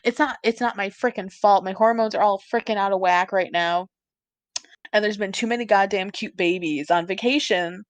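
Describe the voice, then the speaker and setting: A woman's voice: mid-range voice, normal speed, dry recording. Chatty young woman, dry close sound. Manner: chatty, swears freely, laughs often. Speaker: podcast co-host. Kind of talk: casual chat.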